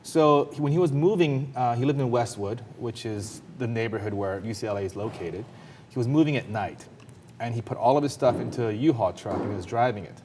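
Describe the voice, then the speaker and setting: A man commentator telling a personal story in a panel talk, earnest and emphatic, his intensity rising quickly. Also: medium pitch, dark tone, a little hiss or hum.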